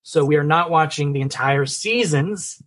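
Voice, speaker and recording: A man's voice: on the high side, normal speed, a bit bright. A man co-hosting a casual movie and TV podcast, chatty and upbeat. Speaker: podcast co-host. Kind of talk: casual chat.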